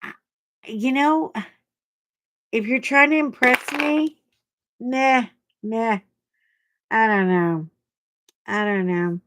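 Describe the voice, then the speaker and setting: A woman's voice: fairly high pitch, extremely slow, long pauses, a bit bright, no echo, poor audio. An older woman hosting a crafting channel, chatting casually to camera in a rambling, self-deprecating way. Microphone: clip-on mic that keeps bumping.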